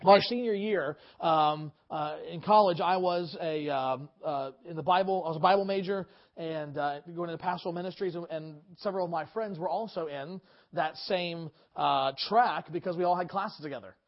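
A man with a high voice preaches an earnest sermon, stumbling now and then on fillers and false starts. The recording sounds dull and lo-fi, with a muffled top end. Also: normal speed. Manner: earnest, frequent fillers and restarts. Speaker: pastor. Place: church service.

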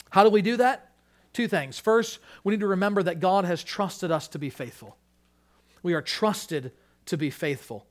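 A man preaching a sermon, stressing his points by repeating phrases and moving between loud, urgent peaks and quiet, hushed drops. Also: fairly high pitch. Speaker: pastor.

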